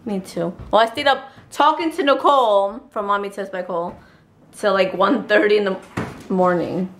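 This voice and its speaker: A woman's voice: medium pitch, normal speed, roomy sound. A woman vlogging at home over dinner, chatting casually and teasing with a light, laughing manner. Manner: playful and teasing, laughs often. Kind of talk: casual family chat.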